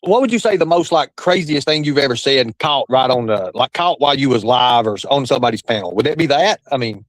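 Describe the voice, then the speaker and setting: A man's voice: medium pitch, animated, fast talker, dry recording, poor audio. A man hosting a casual livestream chat in a hyped showman way, swearing freely as he talks with a guest. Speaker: livestream host.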